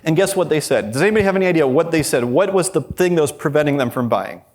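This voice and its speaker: Male conference presenter with a fairly high voice, speaking candidly and bluntly to a live audience. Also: lively intonation, quick pace, a little mellow. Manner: acts out quoted dialogue with shifting pitch.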